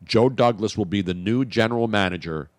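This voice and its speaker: A man's voice: on the low side, fairly quick, no echo, clean studio sound. A man hosting a sports talk radio show, joking brashly and crudely in casual banter.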